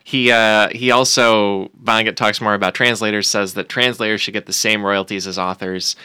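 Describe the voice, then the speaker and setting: Bright-voiced male podcast co-host. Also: fairly low pitch, fairly even intonation, normal speed, clear, resonant tone, no echo, studio quality. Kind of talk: casual podcast chat, book discussion.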